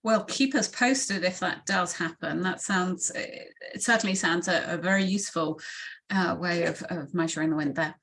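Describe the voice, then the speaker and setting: A woman's voice: on the low side, moderate pace, slight background noise. A woman hosting a webinar question session on a video call, polite and given to thanking people at length. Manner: polite, warmly thanking, slightly rambling. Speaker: webinar host.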